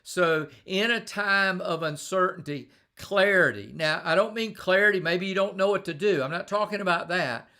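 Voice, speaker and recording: A man's voice: high-pitched, moderate pace, hardly any pauses, pushed and bright. A middle-aged man giving a conversational live-streamed leadership talk, telling stories and often repeating and restarting words. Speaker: leadership speaker.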